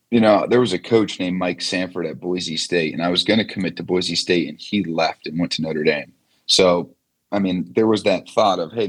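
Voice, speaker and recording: A man in his twenties, a former quarterback, telling stories as a guest in a casual interview, relaxed with many fillers. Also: low-pitched, slightly rough.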